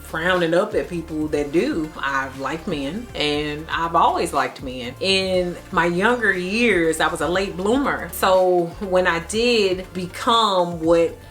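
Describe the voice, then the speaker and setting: A young woman with a St. Louis Midwest accent, chatting casually to camera as a vlogger, animated and laughing often. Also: on the low side, slow, hardly any pauses, soft background music. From Midwest United States.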